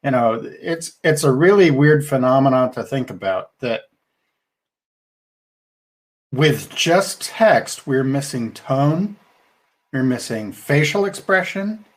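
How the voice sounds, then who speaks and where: A man's voice: mid-range voice, expressive, unhurried. A middle-aged man co-hosting a podcast, talking things through in a thoughtful, rambling way with restarts. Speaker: podcast co-host. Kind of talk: casual podcast discussion.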